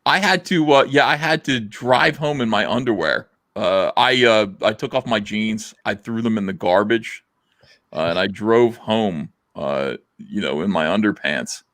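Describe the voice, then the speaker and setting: Guy hosting a stream, swearing, lots of uh's, lowish voice, dry close mic. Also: a little slow, a bit bright, no echo. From South Jersey, USA. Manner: rambling, profane, lots of fillers. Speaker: live stream host reading chat. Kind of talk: casual live stream chat.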